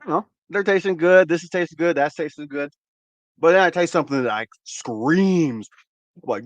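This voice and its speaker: A man's voice: fairly high pitch, normal speed, no room sound, muffled recording. A man hosting a cannabis channel, chatting casually with viewers in a laid-back, rambling way, often repeating words and swearing freely. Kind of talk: casual livestream chat with viewers.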